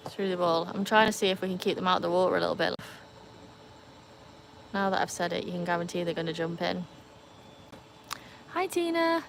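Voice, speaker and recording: A woman from Wales, speaking with a Welsh accent, hosts a casual live chat stream outdoors by a pool, chatting to viewers and reading and answering their comments over a phone. Her voice sits on the low side with little pitch movement, and she talks fast and creaky. There's slight background noise.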